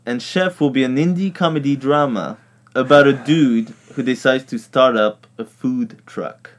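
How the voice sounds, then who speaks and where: A man's voice: medium pitch, normal speed. A man hosting a casual podcast, going through entertainment news and joking around, laughing at his own gags. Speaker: podcast host reading news. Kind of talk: casual chat.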